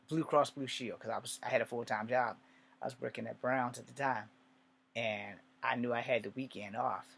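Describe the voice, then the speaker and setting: Fairly bright in tone and medium in pitch, this man's voice carries a personal story told in a loose, rambling way. It's profane throughout and full of asides.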